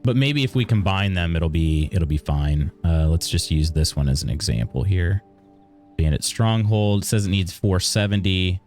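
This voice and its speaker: A man's voice: low-pitched, moderate pace, faint music behind. A man streaming a video game live, chatting casually and thinking aloud as he plays. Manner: relaxed, chatty, thinks aloud while playing.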